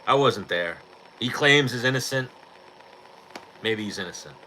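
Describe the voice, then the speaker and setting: A man's voice: medium pitch, animated, measured pace, pushed and bright, a little hiss or hum, rough recording. A man hosting a podcast in casual chat, talking bluntly with lots of swearing and rambling asides. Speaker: podcast host.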